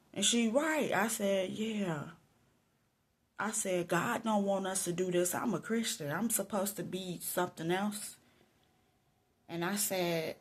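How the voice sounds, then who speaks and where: Animated woman, telling her story. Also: fairly low pitch, a little slow. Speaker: Christian vlogger sharing a testimony. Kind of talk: personal storytelling monologue.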